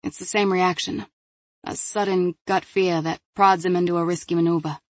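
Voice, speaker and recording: A cool female profiler laying out a killer's behavior in a dry, matter-of-fact tone, read by a woman narrator. Her voice sits low and is recorded close and dry. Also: fairly even intonation, moderate pace, no echo, lightly acted. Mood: analytical. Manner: analytical, dry. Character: sharp female criminal profiler, analytical and cool.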